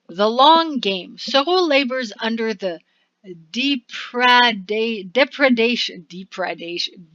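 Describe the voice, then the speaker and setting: Woman let's-play host, slow and deliberate reader, fairly high bright voice, muttered asides; dry, dull lo-fi recording. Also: no room sound. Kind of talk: game commentary reading on-screen text aloud.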